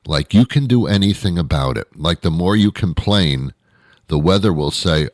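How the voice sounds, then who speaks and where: A man's voice: sits low, animated, fairly quick, dry recording, clean studio sound. A man hosting his own show, delivering a rambling, sarcastic comedic monologue with many self-corrections. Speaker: podcast host.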